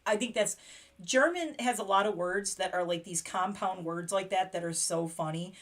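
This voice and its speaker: A woman's voice: medium pitch, moderate pace. Chatty woman livestream host, laughing often. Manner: chatty, laughs often, reads German phrases aloud. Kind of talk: casual livestream chat.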